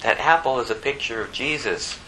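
A man's voice: fairly quick, sharp tone, slight background noise, low-quality recording. A man preaching a sermon, his voice rising sharply when he gets emphatic. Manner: impassioned, pitch climbing sharply when emphatic.

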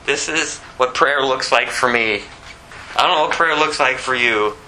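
A man preaching an expository sermon, shifting between low scripture reading and high, pleading acted prayers, with a conversational delivery full of asides. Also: normal speed, sharp tone, a little hiss or hum, low-quality recording.

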